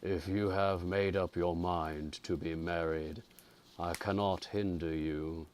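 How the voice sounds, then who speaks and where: A man voicing a dying old nobleman, spiteful and sinister, in a slow, menacing murmur. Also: deep voice, fairly even intonation, a little mellow, a little hiss or hum.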